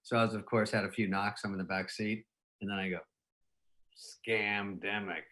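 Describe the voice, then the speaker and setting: A man's voice: lowish voice, little pitch movement, fast talker, a bit bright. A man in his fifties, a comedian telling rambling anecdotes in casual chat, often laughing at his own stories. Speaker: comedian guest.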